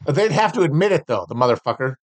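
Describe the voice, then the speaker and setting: A man's voice: on the high side, big pitch swings, quick pace. A man hosting a solo podcast, reading out trading cards and mocking them with sardonic, profane, rambling asides. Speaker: podcast host.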